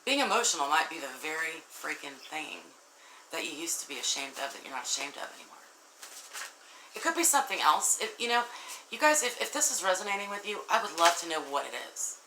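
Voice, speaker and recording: In a rough, reverberant recording with slight background noise, a woman reads tarot at a quick pace, her deep voice taking on a sing-song quality. Warm-hearted and earnest, she addresses viewers directly and grows emotional, tearful at times.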